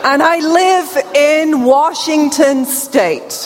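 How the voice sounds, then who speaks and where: A high-pitched middle-aged woman with a British accent and a slight deaf accent delivers a keynote on stage, teasing and joking with the crowd. Her voice rings through a large hall with a long reverb tail and a faint murmur of room sound. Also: extremely slow, background noise. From England. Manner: playful, jokes and banters with the audience. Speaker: keynote speaker. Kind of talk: conference keynote speech.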